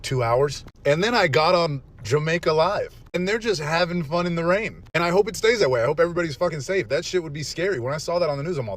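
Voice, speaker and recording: A man giving excitable, profane casual reaction commentary. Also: fairly high pitch, fast.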